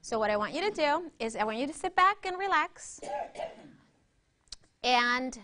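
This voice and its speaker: Here a woman with a high, bright, forceful voice runs a workshop, guiding breathing and teaching in a chatty, interactive way. She is expressive and unhurried, leaves long pauses, and keeps asking "right?" to check in with listeners.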